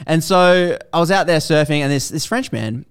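A man co-hosting a podcast in casual chat, animated and slipping into voices for quotes. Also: on the high side, normal speed, clean tone. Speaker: podcast co-host.

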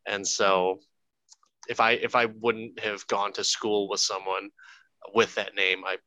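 A man's voice: fairly low pitch, flat delivery, unhurried, sharp tone, no room sound, poor audio. A man co-hosting a podcast, chatting casually and jokingly about a movie, a little profane and rambling. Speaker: podcast co-host. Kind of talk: casual movie review chat.

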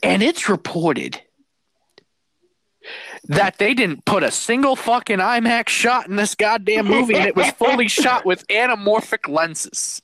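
A man co-hosting a podcast, telling a story in a casual, animated way, laughing and swearing as he goes. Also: high-pitched, unhurried, dry recording. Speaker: podcast co-host.

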